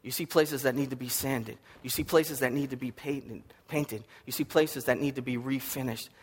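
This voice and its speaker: A man preaching a sermon, telling a story with lively swings from loud to hushed, a little sniffly from allergies. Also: medium pitch, normal speed, breathy edge. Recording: long hall reverb.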